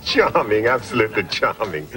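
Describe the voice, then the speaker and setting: An actor playing a polite husband at a dinner in a sitcom before a live audience. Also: male voice, fairly low pitch, very animated, normal speed. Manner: courteous. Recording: sitcom audio with loud audience and music.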